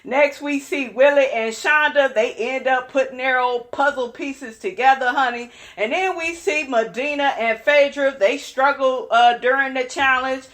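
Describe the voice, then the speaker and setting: A young woman with a high voice hosts a reality show recap. She talks casually and sassily, full of strong opinions, and keeps calling her viewers "honey.". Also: a little slow, hardly any pauses, a bit bright. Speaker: recap channel host.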